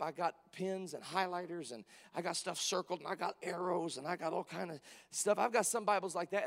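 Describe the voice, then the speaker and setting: A man preaching a sermon who moves from quiet reflection to shouted, emphatic passages. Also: high voice, in a large hall.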